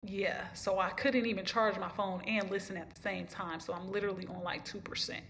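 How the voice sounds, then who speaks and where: A woman's voice: medium pitch, fairly even intonation, a little fast, fairly bright tone, a little hiss or hum. Rambling emotional woman podcast host. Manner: rambling, emotional, repeats herself. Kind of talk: casual storytelling monologue.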